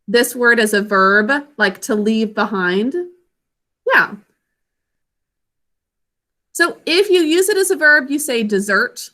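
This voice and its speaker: A woman's voice: on the high side, sharp tone. A woman teaching a children's literacy lesson, patiently sounding out each word syllable by syllable. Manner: patient, sounds out words clearly.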